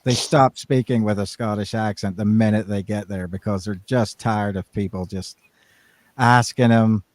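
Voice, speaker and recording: A man's voice: on the low side, fairly even intonation, moderate pace, no echo. Rambling man, dry close mic. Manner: rambling, restarts often. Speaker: podcast co-host. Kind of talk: casual chat.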